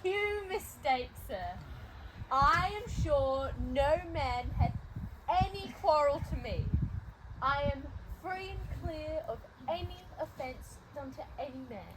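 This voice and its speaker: A woman's voice: high voice, animated, a bit bright, exaggerated voice, low-quality recording. A young woman playing a timid disguised youth. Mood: earnest. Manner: hesitant, earnest and halting. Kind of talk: open-air amateur Shakespeare stage acting. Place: open-air stage under the stars. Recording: outdoor stage with background noise.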